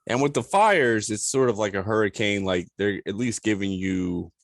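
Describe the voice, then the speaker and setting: A man's voice: lowish voice, normal speed, vocal fry, no room sound, studio quality. A man from Louisiana with a Southern accent, hosting a podcast and asking blunt, joking questions in casual chat. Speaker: podcast host.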